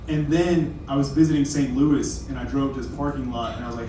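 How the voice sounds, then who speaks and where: A man's voice: medium pitch, fairly even intonation, fast, hardly any pauses, heavy background noise. A young man from Kentucky doing a stand-up comedy set, rambling and self-deprecating with apologetic asides. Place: comedy club stage. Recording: very echoey room from far off.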